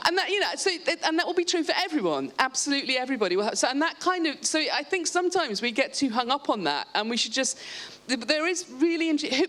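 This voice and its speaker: Lively woman speaking on a panel. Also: sits high, a little fast. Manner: lively, explanatory, frequent restarts. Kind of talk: live panel talk. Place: stage at a live event.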